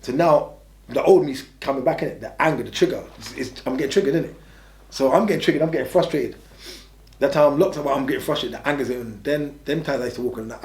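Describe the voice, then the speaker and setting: Talking quickly and bluntly, an Englishman in an interview rambles through candid stories, frequently starting over. The voice is mid-range with a darkish tone, heard in a roomy, echoing space.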